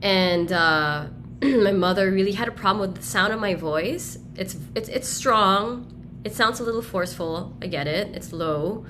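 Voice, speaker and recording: Direct, energetic woman on a video call. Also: medium pitch, normal speed, noisy background. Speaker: roundtable guest. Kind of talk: casual group discussion.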